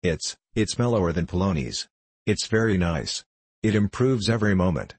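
A cheerful old working man, fond of his daughter, as a man reads him aloud. He has a deep, husky voice, recorded dry and close. His speech is homely and excitable. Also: normal speed, no room sound, full character voice. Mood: savoring.

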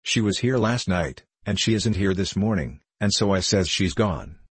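Male reader voicing a nervous, chatty Irish cook woman in a storybook; deep, husky, dry. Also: lively intonation, moderate pace, dry recording. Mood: flustered. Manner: rambling, pleading, emotional.

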